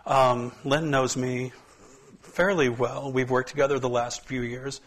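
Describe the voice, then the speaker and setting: A man speaking as a pastor in a relaxed, chatty talk to a church group, his voice a bit hoarse from allergies, on a hand mic. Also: medium pitch, takes it slowly. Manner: relaxed, chatty, self-deprecating asides.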